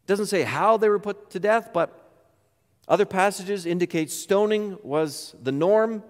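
A man's voice: sits high, measured pace, big-room sound. A man pastor delivering a sermon, emphatic and full of rhetorical questions.

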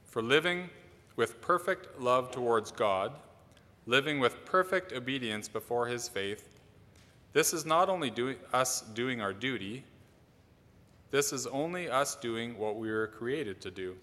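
A man's voice: mid-range voice, lively intonation, measured pace, sharp tone. A man preaching a sermon with earnest, rising emphasis on key words. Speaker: minister. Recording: long church reverb.

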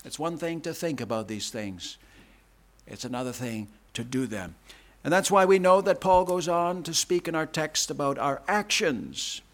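Lively, high-voiced male preacher. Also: normal speed. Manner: emphatic, repetitive preaching with big swings in pitch and loudness. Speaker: pastor. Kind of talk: sermon.

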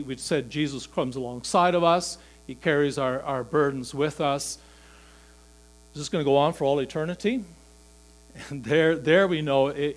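A man delivers a sermon to his congregation in a slightly high voice. He sinks into quiet, low stretches and then climbs to loud, emphatic peaks. A faint electrical hum sits under the recording. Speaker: pastor.

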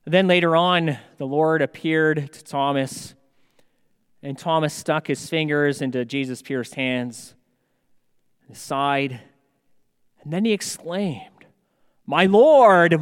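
A man preaching a sermon as pastor, slow and measured, with emphatic rises on key words. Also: on the high side, clean tone. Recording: long hall reverb.

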